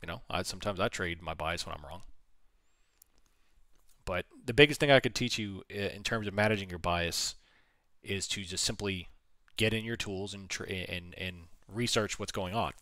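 A man hosting a casual trading livestream, his voice hoarse from talking, answering viewer questions and reading numbers off charts. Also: low-pitched, moderate pace, pushed and bright, no room sound, clean studio sound.

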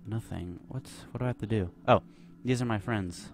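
A man's voice: lowish voice, moderate pace, faint music behind. A young man giving nervous, rambling commentary while playing a horror game, full of fillers. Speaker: gameplay commentator. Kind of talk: let's play commentary.

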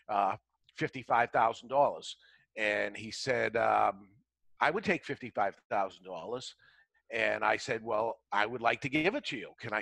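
A man's voice: medium pitch, fairly bright tone, dry recording, low-quality recording. A man, casually telling a long anecdote as a talk show guest and acting out both sides of old conversations. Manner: anecdotal, acts out dialogue in quotes. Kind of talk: casual storytelling.

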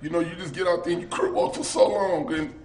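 A man's voice: sits high, fairly even intonation, quick pace, a little mellow. A man with a West Coast US accent, laughing and joking in casual banter, acting mock-emotional. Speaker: rapper on tour. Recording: echoey room.

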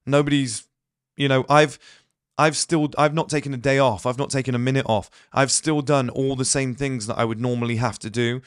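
A host with a medium-pitched, fairly evenly intoned voice speaks in clean studio sound with no room noise. In his blunt motivational monologue, he says he's ill and mixes in rapid asides and acted-out quotes for viewers.

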